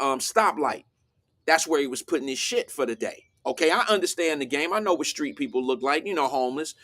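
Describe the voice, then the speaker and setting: A man with a high-pitched voice hosts a casual talk show. He tells stories in an animated, emphatic way and acts out the other people's lines as he goes. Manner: animated storytelling, acts out quotes. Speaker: host.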